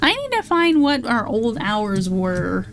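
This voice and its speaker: A woman's voice: a little high, sing-song, slow pace. A young woman streaming, chatting casually, swearing freely and reading chat aloud. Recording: faint music behind.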